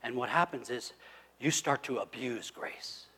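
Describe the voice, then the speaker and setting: A man preaching a sermon, swinging between loud emphatic lines and hushed asides. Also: mid-range voice, measured pace, breathy edge. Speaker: pastor. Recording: long hall reverb.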